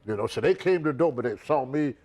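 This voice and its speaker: In an interview, an older man who used to wrestle professionally tells a lively story at a fast clip, acting out every character's voice. His pitch sits in the middle range.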